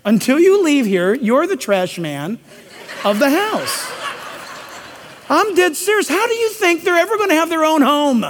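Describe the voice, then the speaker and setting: A man's voice: extremely high pitch, expressive, unhurried. A man preaching a sermon in a church, emphatic and preachy with joking asides. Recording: long hall reverb.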